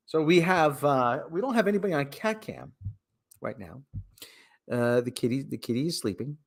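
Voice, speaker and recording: Man, livestream host, lively up-and-down voice, rambling chat, self-interrupting, mock announcer asides. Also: mid-range voice, normal speed, gravelly. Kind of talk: casual solo livestream chat.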